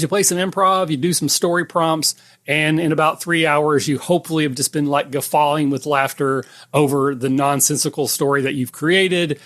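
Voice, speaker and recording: A man talking about his tabletop game on a podcast, with a voice a little higher than most. He chats casually and jokes about his own flaws. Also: fairly bright tone. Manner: jokey, self-deprecating. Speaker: game designer guest. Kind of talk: casual chat.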